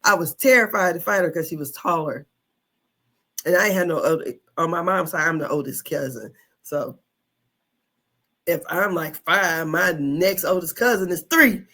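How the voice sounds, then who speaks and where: A woman in her fifties telling a childhood story in a casual monologue, animated, with slang, cursing and frequent laughter. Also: fairly low pitch, moderate pace. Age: 50s. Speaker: online commentator.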